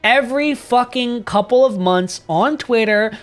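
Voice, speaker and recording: A man's voice: very high voice, unhurried, fairly bright tone, clear, resonant tone, soft background music. A man streaming and chatting casually with viewers, rambling, swearing freely and laughing often.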